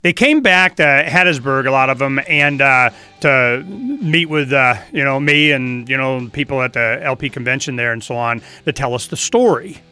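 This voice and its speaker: A man from Florida hosting a talk radio show, telling stories in a rambling, animated way. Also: mid-range voice, moderate pace, few pauses, clear, resonant tone, soft background music.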